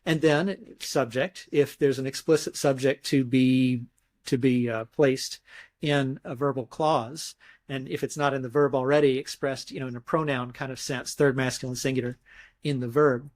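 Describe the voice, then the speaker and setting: In a mid-range voice with fairly even intonation and normal pacing, a male scholar explains grammar during an interview. He works through it carefully one step at a time, frequently starting phrases over and using his own voice to demonstrate emphasis in examples.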